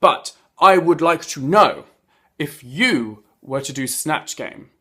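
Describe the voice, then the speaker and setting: A man reviewing an episode in a casual, chatty way, gushing and breaking into sudden loud exclamations. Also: on the high side, lively intonation, slow pace, breathy edge. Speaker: video reviewer. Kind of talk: casual chat.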